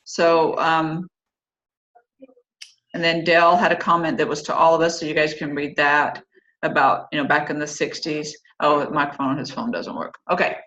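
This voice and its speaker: A woman in her fifties hosting an online group discussion, chatting casually and turning animated and opinionated as she goes. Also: sits low, normal speed. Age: 50s. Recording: roomy, dull lo-fi sound.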